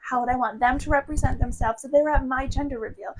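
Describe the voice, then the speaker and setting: A woman's voice: high-pitched, fairly even intonation, fast talker, a little hiss or hum, low-quality recording. A young woman co-hosting a podcast, talking candidly and earnestly in a casual heart-to-heart chat, often repeating phrases in runs. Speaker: podcast co-host.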